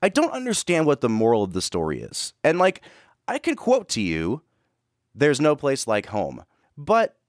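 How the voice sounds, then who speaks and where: A man co-hosts a film podcast in a slightly high voice, chatting casually about movies. He sounds earnest and reflective, often restarting his sentences. The studio recording is clean, with no room sound.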